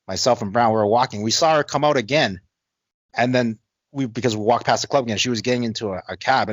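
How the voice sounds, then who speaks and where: A man co-hosting a casual podcast, telling a loose, rambling story full of fillers and laughs. His voice sits at an everyday middle pitch and is recorded dry and close. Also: no room sound. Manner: rambling, laughing, lots of "like" and repeated words. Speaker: podcast co-host.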